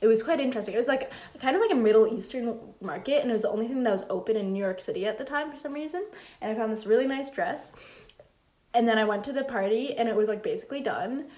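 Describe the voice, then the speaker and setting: A woman's voice: a little high, lively intonation, fast talker, darkish tone, roomy sound. A teenage girl co-hosting a podcast, chatting casually and rambling, with lots of "like" between her words. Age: teens. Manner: rambling, many "like" fillers. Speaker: podcast co-host. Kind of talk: casual chat. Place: room.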